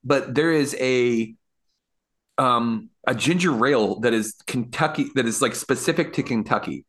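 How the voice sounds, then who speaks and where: A man's voice: medium pitch, unhurried, fairly bright tone. Laid-back man swapping stories. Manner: laid-back, swears freely. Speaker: podcast co-host. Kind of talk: casual chat, storytelling.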